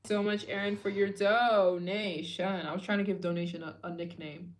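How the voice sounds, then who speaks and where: She's a young travel vlogger fronting a late-night fundraiser stream, weary and casually chatting to viewers at a moderate pace. Between bursts of excitement, her voice trails off into low murmurs.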